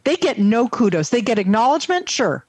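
A woman with a fairly high voice co-hosts a casual political chat. She reads listener comments aloud and adds wry, animated asides. The sound is close and dry, with no room echo. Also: brisk, slightly rough. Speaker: co-host.

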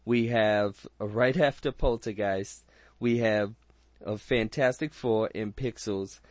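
A man's voice: lowish voice, slow, darkish tone, dry recording. A man hosting a casual movie review chat, rambling and crude with frequent restarts and jokes. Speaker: podcast host.

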